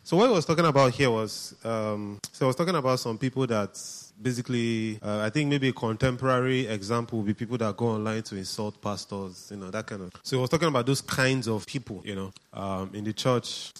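A man's voice: medium pitch, fairly quick, few pauses. A man preaching a sermon in a conversational way, often asking the congregation questions.

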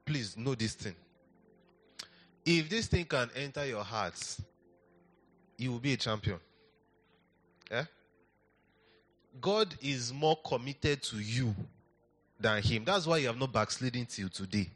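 A man's voice: medium pitch, expressive, measured pace, pauses often, fairly bright tone. A man preaching a sermon in a church, repeating phrases and asking the congregation to answer back. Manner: coaxing, repeats phrases, asks the congregation to respond. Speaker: pastor.

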